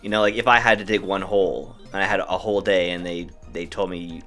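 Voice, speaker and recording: Deep-voiced man in relaxed gaming banter. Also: fairly quick. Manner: joking, laid-back banter. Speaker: let's play co-host. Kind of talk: casual gaming chat. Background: faint game music.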